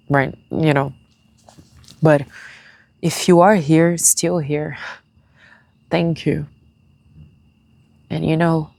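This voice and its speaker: A young woman talking to her viewers in a tearful personal vlog, halting and searching for words in English, which is not her first language. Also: low-pitched, vocal fry, darkish tone, no echo. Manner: confiding, speaks straight to viewers. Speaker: vlogger.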